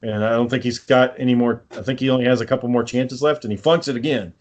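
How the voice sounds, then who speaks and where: A man's voice: mid-range voice, steady tone, fast talker, darkish tone, dull audio. Male podcast co-host, loose profane storyteller, ordinary mid-range voice. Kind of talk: casual chat.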